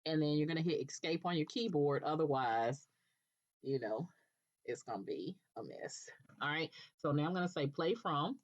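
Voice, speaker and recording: A woman presenting a screen-recorded software tutorial, explaining patiently step by step and checking in with "okay", with an occasional cough. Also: low-pitched, expressive, moderate pace. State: coughing now and then. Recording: dull lo-fi recording.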